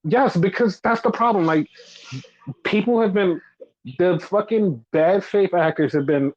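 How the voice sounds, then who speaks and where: A man's voice: sits high, measured pace, dry recording. A man hosting a casual wrestling podcast, ranting in exasperation with lots of swearing and mocking imitations of fans. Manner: profane, exasperated ranting with mocking quoted voices. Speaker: podcast host. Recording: dull lo-fi dry sound.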